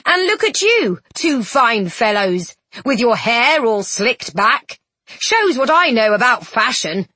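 A woman's voice: on the high side, big pitch swings, slow pace, sharp tone, husky, dry recording, heavily acted. A woman voicing a cheerful, easygoing young male stage actor who talks in a friendly, joking, folksy way in a storybook reading.

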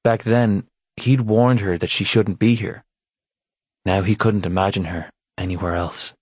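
A man narrating an audiobook in a steady, even storytelling voice on a close mic. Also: on the low side, unhurried, slightly rough, no echo. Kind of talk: scripted narration.

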